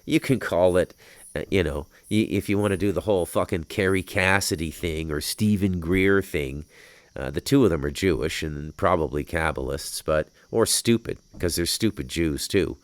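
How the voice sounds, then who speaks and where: A man's voice: low voice, moderate pace, no echo. A man hosting a podcast, delivering a rambling spiritual monologue from an outdoor patio, heavy with swearing and flaring into heated outbursts. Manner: profane, rambling, swings into heated shouting. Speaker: podcast host.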